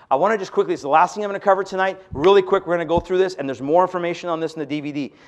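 A man's voice: high-pitched, racing, hardly any pauses. A man giving an emphatic sermon-style lecture to an audience, asking rhetorical questions. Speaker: speaker on religion.

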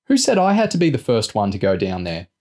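A man's voice: fairly low pitch, wildly swooping pitch, quick pace, a little mellow. A man reading aloud and voicing an irritable teenage boy who protests angrily. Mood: irritated. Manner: annoyed, protesting.

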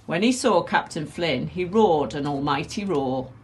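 A woman reading a children's picture book aloud with expressive, animated delivery. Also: deep voice, a little slow. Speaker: storyteller.

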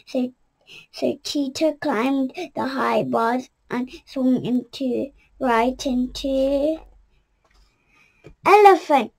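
Woman reading a kids' picture book aloud, high voice, slow and careful. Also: vocal fry. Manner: careful with small restarts. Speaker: storyteller.

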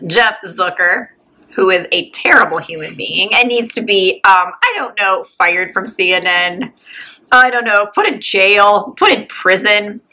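A woman's voice: medium pitch, unhurried, pushed and bright, poor audio. A woman co-hosting a podcast, talking in a blunt, scornful and sarcastic casual chat. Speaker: podcast co-host.

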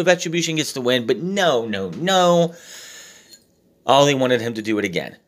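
A man's voice: medium pitch, big pitch swings, normal speed. Exasperated man ranting through a recap. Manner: profane, exasperated, acts out quotes mockingly. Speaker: wrestling show reviewer. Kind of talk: casual recap with ranting commentary.

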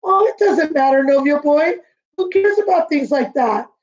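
A woman's voice: high voice, animated, normal speed, a little mellow, muffled recording. A woman reading as a cool, caring tomcat. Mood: consoling. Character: friendly cool male cat, kind best friend.

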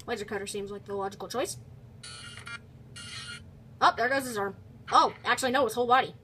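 A young woman commenting on a video game she is playing, excitable, with quick exclamations and teasing of the character on screen. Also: fairly high pitch, a little hiss or hum. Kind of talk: let's play commentary.

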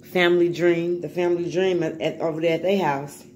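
Casual vlogger, slangy, repetitive, mid-pitched voice, faint background noise. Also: steady tone, fast, dark tone. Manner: loose, slangy, repeats words. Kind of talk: casual shout-outs while eating.

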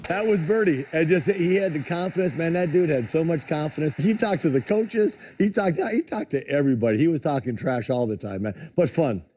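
A man telling animated, laughing stories about a former teammate, full of fillers. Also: on the high side, a little fast, few pauses, slightly rough, faint music behind. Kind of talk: casual storytelling.

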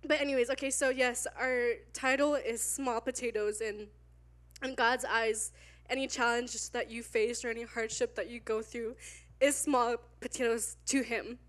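A woman around twenty, a youth leader, preaching at church, tearful and candid, halting with nervous laughs. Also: on the high side, level tone. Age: 20s. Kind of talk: emotional sermon. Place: church sanctuary. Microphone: handheld mic.

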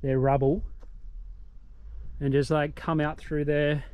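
A man's voice: fairly high pitch, little pitch movement, takes it slowly, darkish tone, smooth. A young Australian man vlogging casually outdoors on a mountain, a little out of breath, rambling and poking fun at himself. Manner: chatty, self-deprecating, rambling asides. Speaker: travel vlogger. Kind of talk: casual travel vlog.

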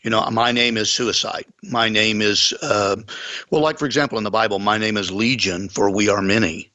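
A man's voice: fairly low pitch, steady tone, normal speed, sharp tone. A man, a pastor, earnestly telling a story in a conversation, with folksy sayings. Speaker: pastor and guest.

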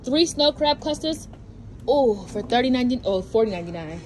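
High, lively-voiced woman vlogging. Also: fairly quick, soft background music, rough recording. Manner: chatty and playful, bursts into song. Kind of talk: casual vlog chat. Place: in a car.

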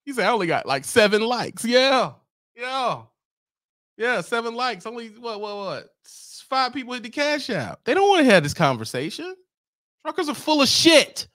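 A man's voice: very high-pitched, very animated, normal speed, fairly bright tone, dry recording, studio quality. A man, ranting on his livestream in a brash, teasing way and breaking into laughs. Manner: brash, teasing, laughs often, apologizes mockingly. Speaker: livestream host. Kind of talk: casual livestream rant.

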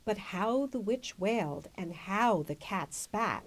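A woman's voice: mid-range voice, expressive, slow, few pauses, heavy background noise. A woman reading a children's picture book aloud with dramatic, varied storytelling.

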